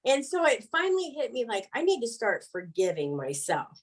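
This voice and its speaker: A middle-aged woman, an interview guest, telling her story candidly, frank and animated, laughing between words. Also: a little high, moderate pace, slightly rough, rough recording.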